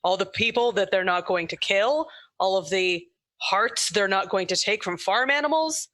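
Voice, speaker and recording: Brief: blunt adventurer woman, voiced by a player, bright, dry close sound. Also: medium pitch, expressive, moderate pace, dry recording. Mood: encouraging. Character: blunt, bloodthirsty female adventurer.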